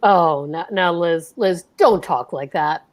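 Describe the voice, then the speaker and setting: A woman's voice: on the low side, slow pace. A woman playing a placating middle-aged husband in an old-time radio play. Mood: soothing. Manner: coaxing, placating. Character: husband George, soothing middle-aged man. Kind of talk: 1940s radio acting.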